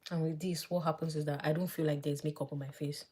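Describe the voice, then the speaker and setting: A woman vlogger chatting casually as she does her makeup live, thinking aloud and dropping to soft murmurs while she works. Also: low-pitched, level tone, fast, husky. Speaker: beauty vlogger.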